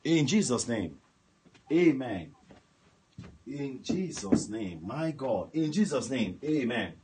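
A man preaching on a prayer line, swinging from soft murmurs to shouted commands and speaking in tongues. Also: medium pitch, sing-song, slow pace, noisy background. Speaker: pastor. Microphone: phone line broadcast.

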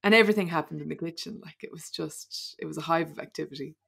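Irish woman with a low, gravelly voice. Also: fast. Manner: rambling storyteller, laughs often. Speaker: podcast guest. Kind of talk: casual chat.

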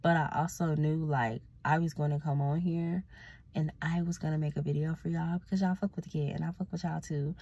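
A woman's voice: low-pitched, fairly even intonation, a little fast, dry recording. A sleepy woman, ranting bluntly and profanely in a casual vlog as a self-reflection coach. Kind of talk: casual vlog talk to camera.

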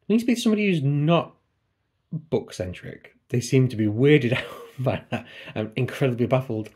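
A man's mid-range voice, darkish with a breathy edge, moves at a moderate pace with lively intonation. He's a book vlogger chatting casually at home by his computer, digressing and making fun of himself.

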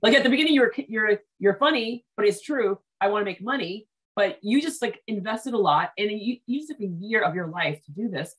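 An eager woman host chats over a video call, keen and talkative. She runs on in long stretches and restarts her sentences in a hurry as ideas come. Her pitch sits in an everyday middle range. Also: animated, a bit bright, husky. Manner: enthusiastic, talks at length with quick restarts. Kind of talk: casual interview chat.

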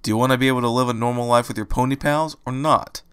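A man playing a streetwise male rabbit in a fan storybook reading, grumbling and impatient. His lines come out pushy and sarcastic, louder and punchier than the narration around them. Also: medium pitch, fairly even intonation, fast, clear, resonant tone, dry recording, studio quality, close to an everyday voice.

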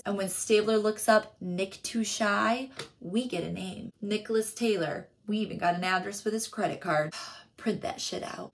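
A woman narrating a comedic TV episode recap, sarcastic and profane, acting out quotes in passing. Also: medium pitch. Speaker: recap vlogger.

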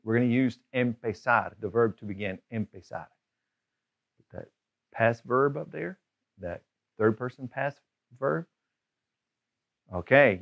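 A man's voice: mid-range voice, muffled recording. Upbeat man teaching a Spanish lesson. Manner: upbeat, slows down and stresses the example phrases. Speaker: Spanish language tutor.

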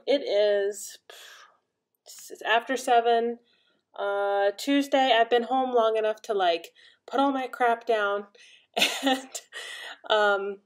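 A young woman chatting casually at home about her crafts. She talks in a rambling, excitable way with frequent laughs. She sounds a little tired after her workday. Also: mid-range voice. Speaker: crafting podcast host. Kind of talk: casual chat. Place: home, indoors.

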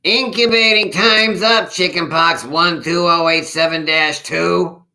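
A man putting on a snarling, gravelly nurse. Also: on the high side, pushed and bright, voice pushed up, heavily acted. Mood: snappish. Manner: snarling, slow and clipped. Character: stern bossy female nurse, snappish. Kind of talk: storybook read-aloud.

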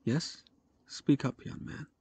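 A man voicing a haughty male noble envoy who speaks brusquely and gruffly. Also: takes it slowly, a little mellow, natural voice. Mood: curt.

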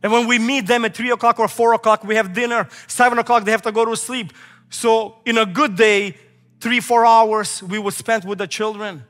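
A man's voice: high-pitched, steady tone, moderate pace, fairly bright tone. A male pastor in his thirties preaching a sermon, emphatic and repetitive, weaving in stories from his own family. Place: large church sanctuary. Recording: echoey hall with faint music.

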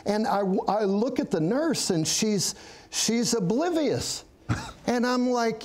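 A man's voice: very high-pitched, lively intonation, slow, a little mellow. A middle-aged man, a pastor, telling his testimony in an interview, earnest and storytelling, laughing now and then. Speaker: pastor, guest.

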